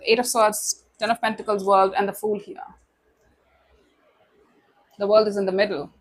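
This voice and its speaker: A woman's voice: medium pitch, little pitch movement, moderate pace. A woman giving a tarot reading straight to the listener, speaking in an emotive way with many asides. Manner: warm, emotive, speaks directly to the listener with many "you know"s. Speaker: tarot reader. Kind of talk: casual tarot reading to camera.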